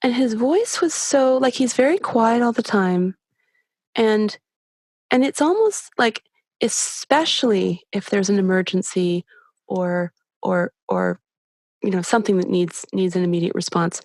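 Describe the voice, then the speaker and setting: A middle-aged woman shares a personal story in a candid, halting way, often circling back and restarting her sentences. Her voice sits at a middle pitch. The sound is dry and close. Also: lively intonation, a little mellow, no room sound. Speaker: podcast guest.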